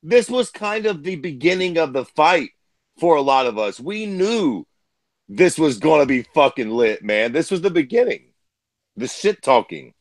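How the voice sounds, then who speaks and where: Excitable profane man, dry close sound. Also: fairly high pitch, normal speed, no room sound. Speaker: podcast co-host. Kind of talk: casual fight talk.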